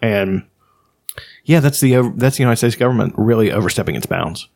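Man, very lively pitch, emphatic and profane, opinionated casual talk. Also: a little fast, creaky.

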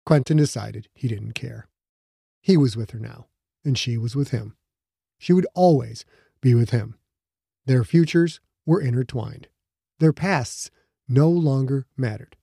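A man reading a novel aloud as narrator, measured and even. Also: medium pitch, vocal fry, dry recording, studio quality. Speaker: audiobook narrator. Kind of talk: scripted narration.

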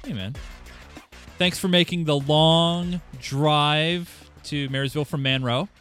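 Male podcast host, upbeat and joking, slightly high voice, music playing behind. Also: slow, a bit bright, clear, resonant tone. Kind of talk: casual podcast chat.

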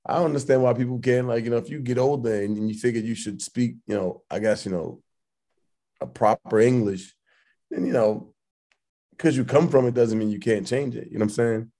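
Co-hosting a podcast, a man speaks fairly quickly in a medium-pitched, dark-toned voice. He rambles casually, leaning on slang and frequent fillers and restarting his sentences often.

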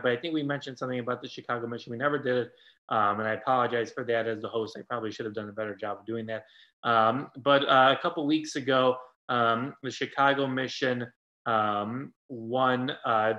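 A man's voice: mid-range voice, pushed and bright, lo-fi sound. A man hosting a local sports podcast, speaking casually with frequent ums and uhs. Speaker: podcast host.

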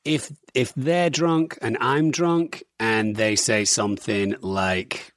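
A man in his forties, born in Germany to English parents, chatting casually as a podcast guest and telling animated stories with plenty of swearing. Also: mid-range voice, takes it slowly, hardly any pauses, no echo, studio quality. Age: 40s. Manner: swears freely, animated storytelling with voiced asides. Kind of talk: casual chat.

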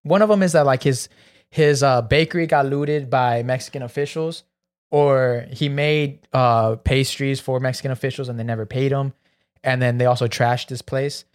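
Young male podcast co-host, slangy and animated storyteller, casual banter. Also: mid-range voice, normal speed.

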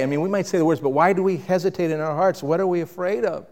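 A man with a slightly high voice preaches in a big hall with long reverb. His delivery swings from loud, emphatic lines down to quiet, reflective ones. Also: a little fast. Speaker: pastor. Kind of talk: sermon.

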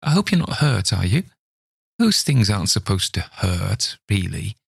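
A man's voice: low voice, sing-song, normal speed, gravelly, breathy edge, no room sound, studio quality, heavily acted. A man voicing a wizened, mean old man who plays cruel pranks, gurgling and wheezy in a sly, needling way. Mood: mock-apologetic.

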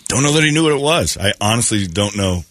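A male morning radio host with a low, husky voice rambles through jokey stories. He talks in a loose, casual way. His tone is gravelly and deep. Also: lively intonation, fast talker, a bit bright, no echo, studio quality.

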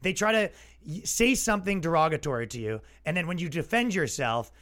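Male comic podcast host, high-pitched, casual sarcastic rant. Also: animated, a little fast, fairly bright tone. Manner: exasperated, sarcastic, acts out quoted voices.

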